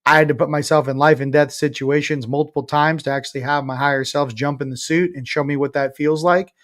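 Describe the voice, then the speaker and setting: A man in his forties speaks as an interview guest with a voice pitched a little above most men. He talks bluntly and emphatically, drops casual swear words and pokes fun at himself with a sarcastic streak. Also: fairly even intonation, brisk, a bit bright. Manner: sarcastic, self-mocking. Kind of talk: casual spiritual interview talk.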